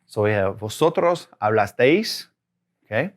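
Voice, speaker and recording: A man's voice: fairly low pitch, big pitch swings, measured pace. A man teaching a Spanish grammar lesson, upbeat and encouraging, talking straight to the learner. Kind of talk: lively classroom lesson.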